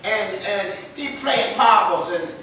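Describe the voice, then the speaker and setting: High, bright preacher in echoing church. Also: male voice, slow, a little hiss or hum. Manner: preaching with call-and-response and rising shouts. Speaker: pastor. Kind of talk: sermon. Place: church sanctuary. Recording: roomy echo, mic at a distance.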